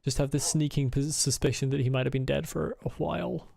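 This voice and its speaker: A man's voice: mid-range voice, steady tone, brisk, vocal fry, a little mellow. A man streaming a video game, muttering his plans to himself, swearing freely and answering chat. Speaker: let's play streamer. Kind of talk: casual live gaming chat.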